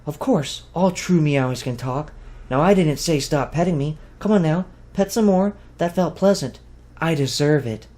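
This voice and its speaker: A prim, self-satisfied cat lady who expects to be petted and praised, as a man reads her aloud. She talks down to strangers with smug, lofty calm, as in a storybook. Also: fairly high pitch, moderate pace, voice pushed up, lightly acted. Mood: demanding. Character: haughty vain talking female cat. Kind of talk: audiobook reading.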